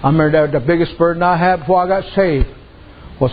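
A man's voice: on the high side, fast. A man preaching a sermon in a folksy storytelling way, peppering his talk with amens. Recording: dull lo-fi sound with faint noise.

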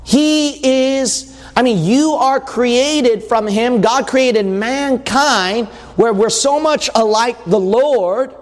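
High-voiced preacher man in a reverberant hall. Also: slow pace, few pauses. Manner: emphatic, repeats points, conversational asides. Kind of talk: sermon.

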